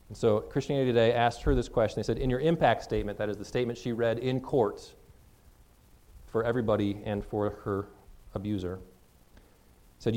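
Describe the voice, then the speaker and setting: A man's voice: lowish voice, dark tone. A man preaching a sermon as pastor, speaking earnestly in a conversational way to his congregation.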